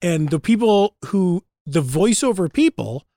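A man's voice: sits high, sing-song, measured pace, warm tone, no room sound, clean studio sound. A man co-hosting a podcast, rambling and restarting as he builds a point in casual chat. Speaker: podcast co-host.

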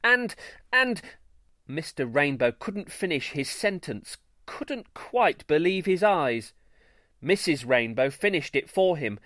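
A man hosting a children's story show, giving scripted narration in a playful, expressive way. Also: on the high side, unhurried, dry recording, studio quality. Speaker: storyteller host.

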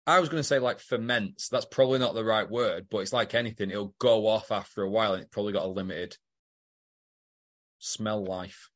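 A man's voice: lowish voice, a little fast. A British man co-hosting a podcast in casual chat, dropping dry quips and wry corrections. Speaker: podcast co-host.

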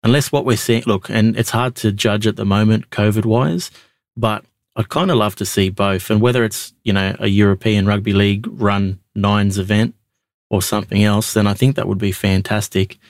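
A man's voice: fairly low pitch, fairly even intonation, moderate pace, no echo, studio quality. An Australian man hosting a podcast call-in show, chatting in a laid-back, matey way. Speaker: podcast host. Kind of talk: casual call-in chat.

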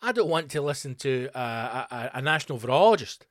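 Rambling comedian, dry mic. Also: male voice, medium pitch, fast talker, no echo. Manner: rambling, animated, profane. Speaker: comedian and podcast host. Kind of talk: comic storytelling monologue.

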